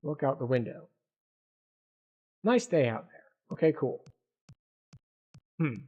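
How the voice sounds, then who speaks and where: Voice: mid-range voice, sing-song, takes it slowly, phone-quality sound. A gamer giving let's-play commentary on a retro adventure game, with wry, self-mocking asides.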